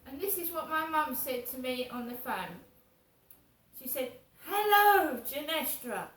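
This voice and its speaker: A woman's voice: high-pitched, lively intonation, unhurried, fairly bright tone, a little hiss or hum. A woman vlogging in a rambling, indignant monologue, swearing as she talks. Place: home flat. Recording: roomy echo, distant from mic.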